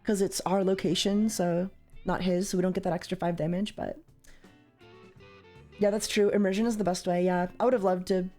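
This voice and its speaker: A young woman from Canada chatting casually as a streamer while playing a card game, with sudden loud, high exclamations. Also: fairly even intonation, normal speed, faint music behind.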